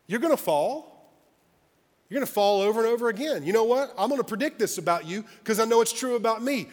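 A man preaching a sermon as pastor, emphatic and conversational, swinging from loud exclamations to quiet, earnest asides. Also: high-pitched, fairly quick, long reverb tail. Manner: conversational, confessional asides to the congregation.

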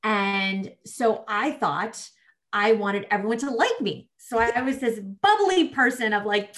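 A woman guest on a podcast telling career stories in casual chat, animated and peppered with "like". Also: fairly high pitch, moderate pace. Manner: animated storyteller, acts out quoted voices, frequent "like". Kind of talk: casual interview storytelling.

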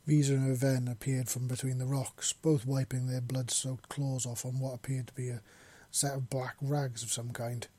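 A man narrating a story in a steady storytelling manner. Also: medium pitch, normal speed, hardly any pauses, husky. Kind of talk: audiobook narration of fan fiction.

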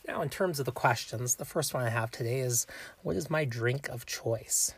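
A man with a slightly husky voice hosts a solo food podcast, talking through tasting notes in an easygoing, thinking-aloud manner. The sound is dry and close, with no room echo. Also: mid-range voice, normal speed. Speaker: podcast host.

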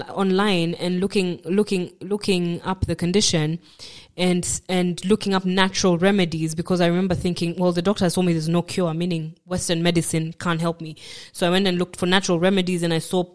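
A woman, a podcast guest, telling a personal story in a halting way, repeating words and acting out what others told her. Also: lowish voice, clear, resonant tone.

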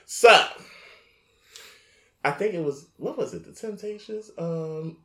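A man, telling a Christmas story on a casual podcast in a lively, laughing, slangy way. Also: a little high, takes it slowly, roomy sound. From New York tri-state area.

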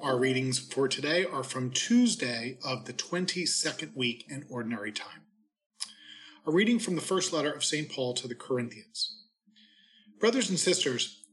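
Male clergyman, mid-pitched, unhurried reverent delivery for daily readings and a short homily. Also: fairly bright tone, low-quality recording. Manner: measured, reverent reading cadence.

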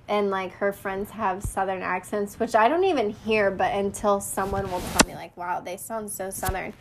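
A woman's voice: medium pitch, slight background noise. Chatty young woman, laughs a lot. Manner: chatty, laughs often, rambling. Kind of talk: casual chat.

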